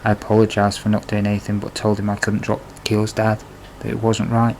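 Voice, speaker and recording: Guy reading his memoir, low monotone voice, blunt and confessional, faint background hiss. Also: a little fast, low-quality recording. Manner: plain, confessional narration with blunt swearing. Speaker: narrator. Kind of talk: memoir storytelling.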